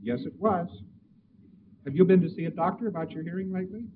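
A man's voice: fairly even intonation, quick pace, lightly acted. A man voicing a whiny, fearful needler. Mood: defensive. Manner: whiny, defensive, pitched up. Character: timid, fearful, sly man who needles others. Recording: old tinny distant tape with hiss.

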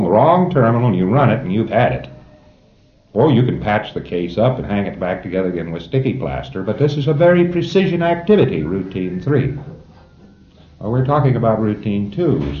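A man's voice: fairly low pitch, reverberant, dull audio. A man giving an informal lecture to a class of trainees, emphatic and wry, chuckling at his own jokes.

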